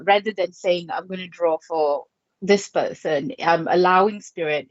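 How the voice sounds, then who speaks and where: A woman's voice: on the low side, a little mellow, no echo, highs cut off. A woman in her fifties from Malaysia, a psychic artist chatting casually on a livestream and greeting viewers by name with frequent laughs. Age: 50s.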